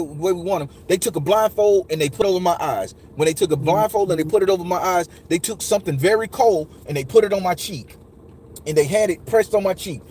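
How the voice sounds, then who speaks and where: A man recounts a painful memory in raw, profane, casual speech, his voice sitting a little higher than most men's. He acts out other people's lines as he goes, and a faint hum of ambience and passing vehicles sits behind him. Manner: emotional, profane, animated retelling with acted quotes. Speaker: storyteller recounting a personal memory. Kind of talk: casual spoken testimony.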